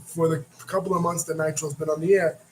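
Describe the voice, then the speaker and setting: A man's voice: on the high side, flat delivery, quick pace, slight background noise, rough recording. A man hosting a casual wrestling recap, rambling and often restarting his words. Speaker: wrestling reaction host.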